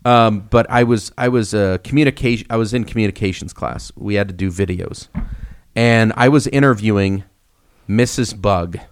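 A young man co-hosting a casual podcast, telling stories with lively swings and acting out the voices in them. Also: fairly low pitch, moderate pace, clear, resonant tone. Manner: animated storyteller, acts out quoted voices. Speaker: podcast co-host.

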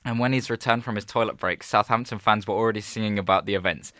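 A man's voice: lowish voice, steady tone, fast talker, fairly bright tone, dry recording. A man co-hosting a podcast, telling stories in a laid-back, chuckling way on a close mic. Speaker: podcast co-host. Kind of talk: casual chat, reading out stories.

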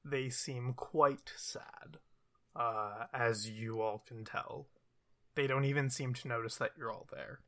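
A woman running a tabletop role-playing game, calmly describing the scene. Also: a bass voice, slow pace. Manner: calm, descriptive storytelling with light laughs. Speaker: game master.

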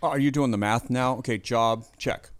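A man's voice: mid-range voice, moderate pace. A man hosting a faith interview in a conversational way, summing things up and checking in with his guest as he goes. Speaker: podcast host, interviewer.

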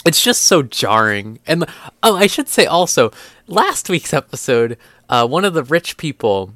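A man's voice: a little high, very animated, measured pace, a bit bright, no echo. A young man on a podcast, chatting casually and incredulously, with lots of filler words and swearing. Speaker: podcast co-host. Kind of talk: casual chat.

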